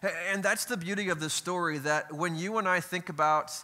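A man's voice: sits high, brisk, bright, forceful tone. A middle-aged man, a pastor, preaching a conversational sermon in a church, with asides and rhetorical questions. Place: church sanctuary.

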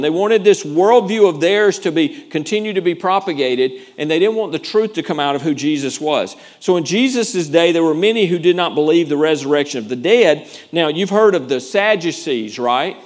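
A man's voice: fairly high pitch, lively intonation, normal speed, hardly any pauses. A male pastor preaching a sermon in an earnest, emphatic way, often repeating words as he goes.

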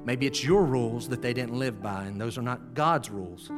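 Pastor, male, mid-pitched, earnest sermon delivery, from urgent to hushed, faint music under. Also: normal speed. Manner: earnest, pleading, rises to urgent exhortation then drops to hushed prayer tone.

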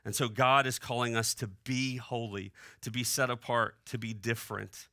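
A young man preaching a sermon in a relaxed, conversational way, often checking in with the congregation. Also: medium pitch, moderate pace, no room sound, clean studio sound. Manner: conversational preaching, asks the room "right?". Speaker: pastor. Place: church hall.

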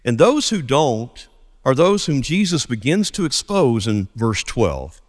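A man, a pastor preaching a sermon and telling stories with lively acted dialogue. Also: medium pitch, measured pace, in a large hall. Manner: animated storytelling, acts out dialogue.

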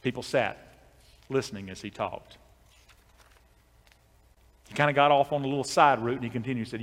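A man's voice: medium pitch, a little fast, pauses often. Conversational man preaching in a reverberant hall. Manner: conversational, with frequent restarts. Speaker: pastor. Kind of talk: storytelling sermon.

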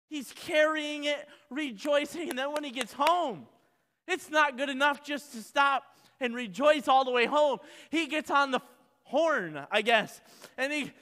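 A male pastor delivering a sermon, casual and jokey one moment and earnest the next. His voice sits high for a man and sounds very bright and forceful. A long hall reverb trails after every phrase. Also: slow. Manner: animated, conversational and jokey preaching.

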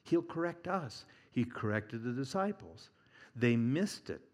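A man preaching a sermon, conversational and humorous, swinging from loud emphasis to hushed near-whispers and chuckling at his own points. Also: mid-range voice, big pitch swings, a little slow.

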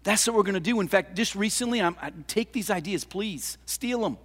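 An older man preaching a sermon as pastor, impassioned, with rhetorical questions, swinging between loud lines and hushed ones. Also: high-pitched, animated, fairly quick. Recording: long hall reverb.

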